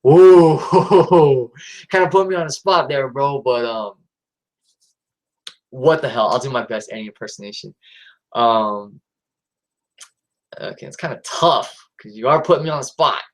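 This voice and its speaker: A man's voice: medium pitch, a little slow, long pauses, rough recording. A man hosting a live stream in a casual, rambling way, with lots of fillers and restarts.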